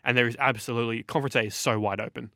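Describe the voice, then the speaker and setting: A man's voice: medium pitch, fairly even intonation, rapid-fire, creaky, a bit bright, no room sound, studio quality. A young Australian man hosting a sports podcast, giving eager, opinionated analysis in long runs of speech. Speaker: sports journalist and podcast host.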